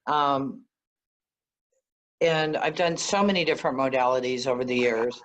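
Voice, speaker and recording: A woman guest, an energy healer, telling stories in a conversational interview, animated and often laughing. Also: very deep voice, moderate pace, lo-fi sound. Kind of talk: conversational storytelling.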